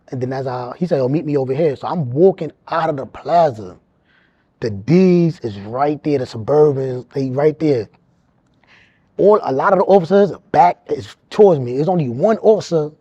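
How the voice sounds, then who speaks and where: A man around forty, telling his own life story in an animated, streetwise way, often repeating words as he goes. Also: medium pitch, moderate pace, husky, no echo, muffled recording. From New York. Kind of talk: casual storytelling.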